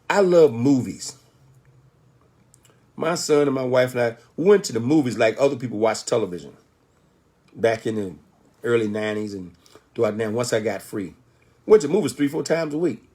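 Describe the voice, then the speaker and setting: With a husky, darkish, medium-pitched voice, an older man gives an emphatic motivational talk. As a motivational speaker, he raises rhetorical questions and answers them, often pausing on "Okay?"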